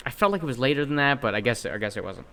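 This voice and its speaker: Young male podcast co-host, animated, swears, performs quoted lines loudly. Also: medium pitch, rapid-fire, vocal fry. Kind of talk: casual storytelling chat.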